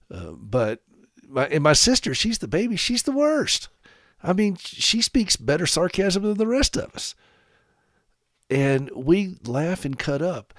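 Animated man hosting a radio show. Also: medium pitch, no room sound, clean studio sound. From South Carolina. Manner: animated, sarcastic humor, direct address to listeners. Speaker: radio host. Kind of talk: radio talk monologue.

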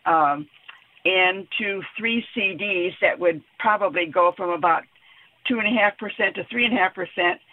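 A woman in her eighties calling a radio advice show, speaking hesitantly with many pauses. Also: fairly low pitch, a little hiss or hum. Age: 80s. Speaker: caller. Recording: tinny phone line.

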